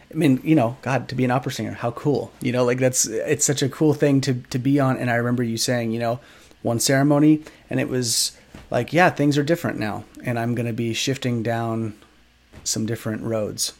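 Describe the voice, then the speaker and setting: A man hosting a podcast, asking rambling, hesitant questions full of fillers and restarts. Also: mid-range voice. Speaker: podcast host. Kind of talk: casual interview chat.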